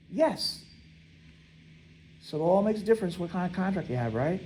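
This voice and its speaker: High-pitched male instructor, classroom lecture, reads and quizzes students. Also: animated, moderate pace, pauses often, a little mellow, breathy edge, low-quality recording. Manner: quizzing, reads text aloud and asks students to fill in words; repeats "right?" often.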